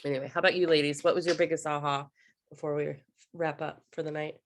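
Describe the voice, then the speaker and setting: A woman's voice: low-pitched, flat delivery, fast talker, a little hiss or hum. A woman leading a casual book discussion on a video call, chatty and enthusiastic with frequent fillers. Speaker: discussion group leader.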